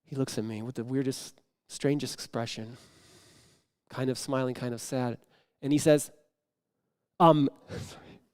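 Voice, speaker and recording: A man's voice: medium pitch, fairly even intonation, a little slow, long pauses, darkish tone, clear, resonant tone. A man telling an improvised comic story on a conference stage before an audience, acting out the dialogue and dropping into sudden whispers. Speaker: improv performer and speaker.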